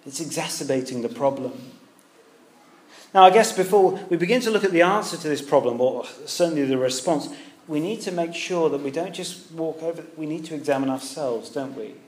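A man's voice: fairly high pitch, a little fast. A British man preaching a sermon in a conversational way, asking his listeners rhetorical questions. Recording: echoey room with faint ambience.

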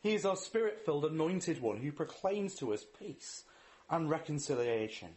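A man's voice: fairly high pitch, expressive, normal speed, darkish tone. A man preaching a sermon in an earnest way, reading scripture, asking rhetorical questions and leading a prayer.

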